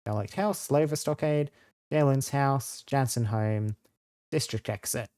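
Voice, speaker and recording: A man's voice: mid-range voice, measured pace, warm tone. A man commenting wryly on a video game as he plays, often reading the dialogue aloud. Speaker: gaming streamer. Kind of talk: let's-play commentary.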